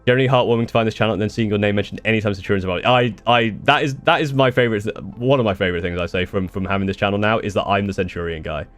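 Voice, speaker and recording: Speaking very fast with few pauses, a young British man with a fairly low, slightly bright voice answers viewer questions on a live stream. He's casual and rambling, with restarts and the odd swear, while faint music runs behind him.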